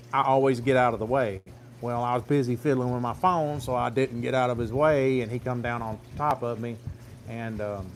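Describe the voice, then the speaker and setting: A farm vlogger with a mid-range voice tells a rambling, plain-spoken story about the farm on a phone livestream. Recorded on a phone camera, the audio carries a slight hiss or hum.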